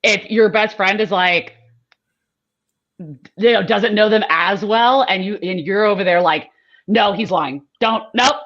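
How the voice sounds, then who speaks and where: A woman's voice: mid-range voice, a little slow, pauses often, a bit bright. Woman co-host, rambling storyteller, many "like"s, slightly dull lo-fi sound. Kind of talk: casual chat.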